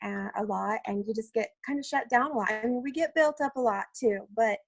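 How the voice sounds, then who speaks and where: やや高い声のおしゃべりな女性. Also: female voice, on the high side, brisk, gravelly, slight background noise. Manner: self-conscious, chatty. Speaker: coach sharing takeaways. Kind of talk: casual group video chat.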